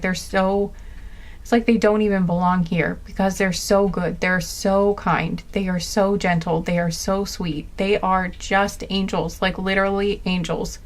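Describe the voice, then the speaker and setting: A woman giving a casual tarot reading, rambling with lots of fillers and restarts, gushing and tender. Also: mid-range voice. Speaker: tarot card reader.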